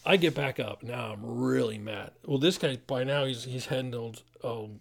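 Middle-aged man, gravelly voice, casual animated storyteller, laughing as he talks. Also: mid-range voice, moderate pace. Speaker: pastor and former police officer.

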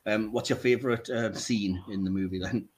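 A man's voice: lowish voice, fairly even intonation, fairly quick, slightly rough. A man hosting a casual podcast chat, joking and laughing often as he teases his co-hosts. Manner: jokey, laughs often, teasing. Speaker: podcast host.

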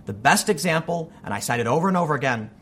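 A man's voice: on the high side, lively intonation, fast, fairly bright tone, slight background noise. A man delivering an opinion monologue on politics, emphatic and argumentative. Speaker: political commentator.

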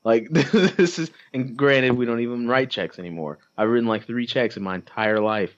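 Co-hosting a casual podcast, a man with a mid-range voice and moderate pace cracks jokes and slips into mock voices for laughs. The recording has a slightly dull, lo-fi sound.

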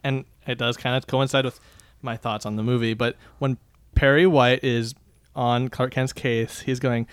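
A man's voice: medium pitch, steady tone, moderate pace, fairly bright tone, clear, resonant tone, no echo, studio quality. A man chatting playfully on a podcast, often breaking into laughter. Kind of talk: casual podcast chat.

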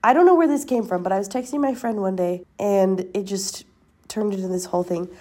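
Young woman, podcast co-host, mellow and rambling, self-deprecating. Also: medium pitch, brisk. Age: young adult. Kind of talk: casual chat.

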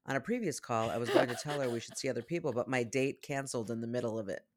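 Podcast co-host reading listener posts, playful and chatty, quick to laugh. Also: medium pitch. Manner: reads posts aloud, playful, laughs often. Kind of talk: casual chat.

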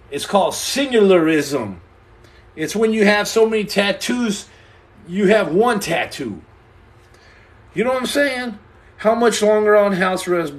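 A young man hosting a livestream from a room at home, answering viewer comments with boastful deadpan jokes and tall tales. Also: high voice. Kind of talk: joking livestream chat.

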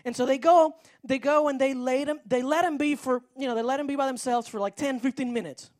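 A woman's voice: sits high, fairly quick, darkish tone. A woman preaching a sermon, telling a story in a rambling way with frequent restarts.

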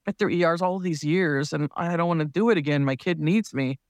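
A man's voice: fairly high pitch, brisk, no echo, studio quality. A man who is a clown and a parent, a podcast guest telling a story in casual talk and laughing often as he goes.

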